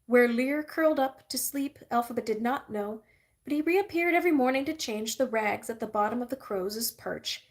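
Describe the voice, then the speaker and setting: A woman's voice: on the high side, animated, normal speed. Woman reading a novel aloud. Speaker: reader. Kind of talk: audiobook-style novel reading.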